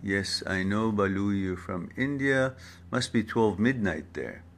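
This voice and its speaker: A man hosting a live online Q&A talk, greeting viewers one by one by name and stumbling over names in a casual, unhurried way. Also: lowish voice, a little hiss or hum. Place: home setup for a social media live stream.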